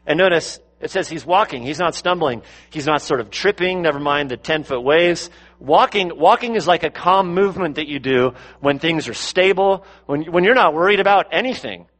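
A male pastor delivering a sermon, swinging between louder, higher bursts and low, quiet passages, with lots of rhetorical questions. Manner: rises and drops in pitch and loudness for emphasis, asks rhetorical questions.

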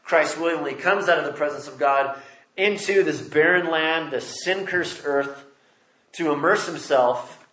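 A man's voice: a little high, fairly bright tone. Preacher man in an echoey room. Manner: reads scripture aloud then explains it, emphatic rises. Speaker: pastor. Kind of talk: expository sermon.

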